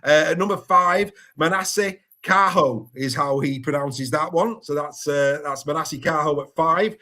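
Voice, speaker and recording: A man with a fairly high voice hosts a casual sports podcast. He talks in a chatty, lively way and stays good-humoured as he trips over hard names. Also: normal speed. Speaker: podcast host.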